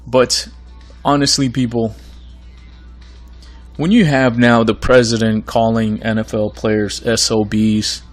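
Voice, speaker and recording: A man hosting his own podcast in a casual monologue, earnest and rambling, with a voice going hoarse. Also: mid-range voice, flat delivery, takes it slowly, long pauses, faint music behind. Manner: rambling, earnest, many fillers and restarts. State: losing his voice. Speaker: podcast host.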